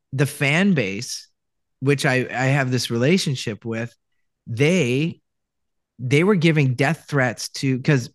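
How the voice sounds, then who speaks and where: Man from Canada, interview guest, rambling storyteller, mid-pitched voice, dry close sound. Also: no echo. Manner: rambling, many restarts, acts out quoted lines. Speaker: voice actor guest.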